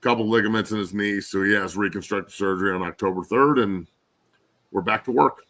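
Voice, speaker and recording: A man's voice: on the low side, a little fast, a bit bright, rough recording. A man in his forties, a guest and former pro football player, ranting angrily and cursing in casual podcast chat. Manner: angry, profane ranting.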